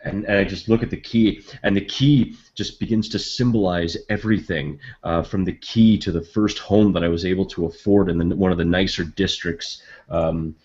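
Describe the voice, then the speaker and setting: Deep-voiced man playing a tabletop game. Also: steady tone, moderate pace, darkish tone, lo-fi sound. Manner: hesitant, with many fillers. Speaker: player. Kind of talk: tabletop role-play.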